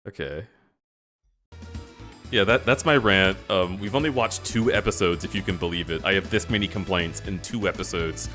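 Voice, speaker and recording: Low-voiced man ranting on a stream. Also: moderate pace, soft background music. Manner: animated retelling, acting out quoted characters, frequent laughs. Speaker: livestream host. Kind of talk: casual chat.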